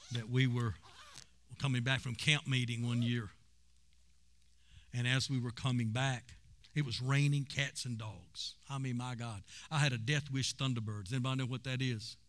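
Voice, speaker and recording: A man preaching a sermon and telling stories with emphasis. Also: medium pitch. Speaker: pastor.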